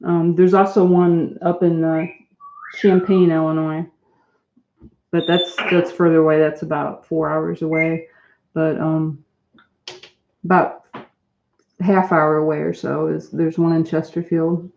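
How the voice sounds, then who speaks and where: In her home, a woman livestreams with her parrot, coaxing it over and over in lilting baby talk and chatting casually with viewers between attempts. Her voice is low-pitched and creaky, unhurried, with long pauses, and the sound is echoey and a little dull, like a basic stream mic in a home room.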